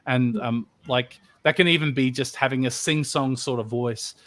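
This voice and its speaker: A man's voice: mid-range voice, fairly even intonation, moderate pace, a bit bright, no echo. A man on a voice actor panel, chatting casually with many fillers and restarts.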